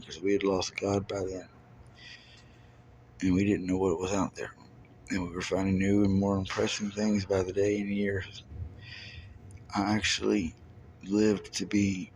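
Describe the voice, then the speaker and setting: Low-voiced man rambling through a monologue. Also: darkish tone, slight background noise. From Kentucky, US. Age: 30s. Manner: profane, loose rhyming wordplay, jumping between ideas. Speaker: self-recorded monologue speaker. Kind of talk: rambling stream-of-consciousness monologue.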